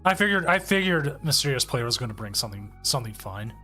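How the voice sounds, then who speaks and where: A man's voice: mid-range voice, fast talker. Easygoing male co-host, casual stream banter with a lot of stops and starts, faint music underneath. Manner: relaxed, hesitant, repeats words. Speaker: stream co-host running the tournament.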